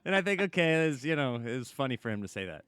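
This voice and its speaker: A man, a comedian guest on a podcast, telling a long story in a lively, casual way and acting out the quotes. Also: medium pitch, fast talker, clean tone, no echo, clean studio sound. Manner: animated storyteller, acts out quotes, laughs often.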